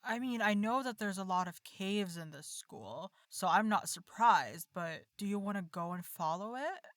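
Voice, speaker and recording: A woman's voice: mid-range voice, animated, normal speed, fairly bright tone, dry recording, studio quality. A woman playing in a tabletop game, chatting playfully. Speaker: player. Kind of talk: casual tabletop play.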